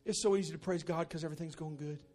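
A pastor preaching a sermon in a church, moving from quiet teaching to loud, shouted exhortation. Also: male voice, a little high, fairly even intonation, very fast, soft background music. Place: church auditorium.

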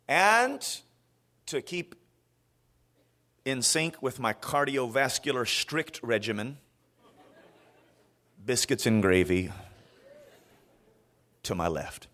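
Animated preacher from Florida. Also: male voice, mid-range voice, drawn-out words, pauses often. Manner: animated storytelling with frequent restarts. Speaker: guest preacher. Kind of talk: sermon.

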